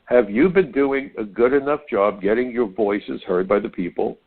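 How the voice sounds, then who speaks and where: An older man hosts a conservative talk radio show, delivering a monologue of folksy, opinionated stories and often stammering on repeated words. His voice is medium-pitched at a moderate pace, and the sound is narrow and phone-like.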